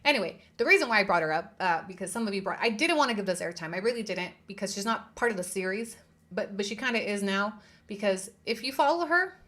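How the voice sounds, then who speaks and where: A woman's voice: mid-range voice, animated, fast talker, fairly bright tone. Heated woman host, indignant and swearing. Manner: repeats herself for emphasis. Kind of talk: livestream commentary.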